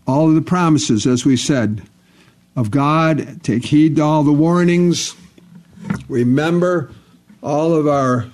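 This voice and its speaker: Emphatic, repetitive preacher, slightly high voice. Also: male voice, a little mellow. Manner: repetitive, emphatic, restates phrases. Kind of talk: sermon.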